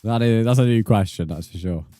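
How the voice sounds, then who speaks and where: A man's voice: lowish voice, a little fast, dark tone, dry recording. Blunt, sweary male streamer. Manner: blunt, sweary banter reading out chat. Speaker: livestreamer. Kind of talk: casual live gaming stream chat.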